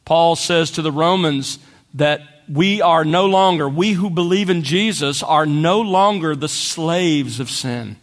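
A man preaching a sermon as a pastor, in a measured way that slows down for scripture quotes. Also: fairly high pitch, long reverb tail.

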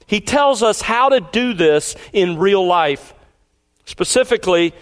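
High-voiced man preaching emphatically. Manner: emphatic, repeats key lines slowly; deliberate preaching cadence with pauses. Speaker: pastor. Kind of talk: sermon.

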